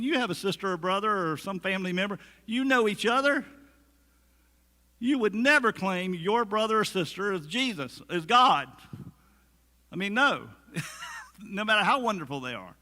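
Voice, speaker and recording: A man's voice: a little high, sharp tone, big-room sound. A man preaching a sermon as pastor, conversational, with humorous asides and acted-out quotes. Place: church sanctuary.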